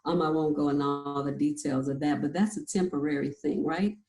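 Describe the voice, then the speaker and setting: A woman's voice: sits low, steady tone, a little fast, a little mellow. A woman in her forties, a nurse practitioner, earnestly explaining and sharing her own story, often checking in with "right?". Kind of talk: candid personal storytelling. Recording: roomy echo.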